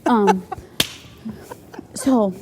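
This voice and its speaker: A woman's voice: mid-range voice, warm tone, slight background noise. A woman impersonating a nervous, awkward male youth leader who halts and apologizes. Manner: halting, apologetic, flustered.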